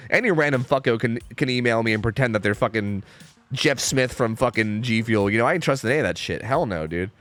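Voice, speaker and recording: A man's voice: mid-range voice, expressive, fast talker, a bit bright, no echo. Profane rambling young male streamer. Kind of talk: casual chat with viewers.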